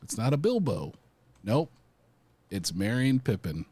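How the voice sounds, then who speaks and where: A man's voice: medium pitch, very animated, a little slow, mellow, slightly rough, dry recording. A man co-hosting a casual podcast chat, rambling and enthusiastic with lots of fillers.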